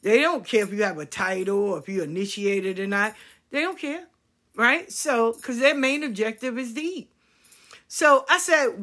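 A woman in her fifties, a spiritual practitioner, telling a story in casual, profane, animated talk and acting out what others said. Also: on the high side, normal speed. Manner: animated, profane, acts out quotes.

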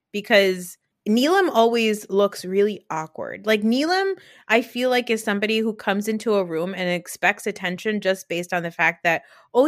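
A woman's voice: mid-range voice, a bit bright, no echo. Woman podcaster gabbing away, lots of likes, dry close sound. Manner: opinionated, fast, lots of "like". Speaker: podcast host. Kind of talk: casual chat.

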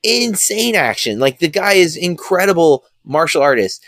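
A man's voice: on the high side, very animated, normal speed, a bit bright, no room sound, clean studio sound. A man co-hosting a casual film review podcast, rambling and thinking aloud as he goes. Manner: rambling, many fillers and restarts.

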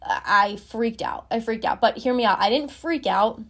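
A woman's voice: a little high, moderate pace, a bit bright. A woman in her twenties frankly telling a personal story as a podcast host, casual and swearing freely.

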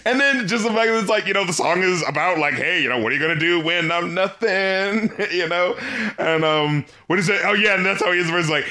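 Excitable man, high lively voice, bright tone, laughs a lot, acts out quotes. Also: normal speed. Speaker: podcast co-host. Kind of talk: casual album review chat.

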